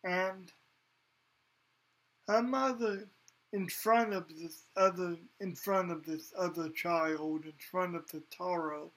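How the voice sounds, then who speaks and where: A man's voice: sits high, steady tone, takes it slowly, fairly bright tone. A man giving a casual spoken anime review, hesitant, with many ums and restarts.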